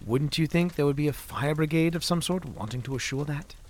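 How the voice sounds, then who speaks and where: A man voicing a calm, cautious airship navigator who gives quiet, measured orders in an audiobook. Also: on the high side, natural voice. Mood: steady. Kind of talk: audiobook character voice.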